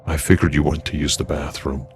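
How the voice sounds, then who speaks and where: A man's voice: very deep voice, little pitch movement, fairly quick, background noise. Man doing an urgent, startled friend. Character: startled male friend of the hero.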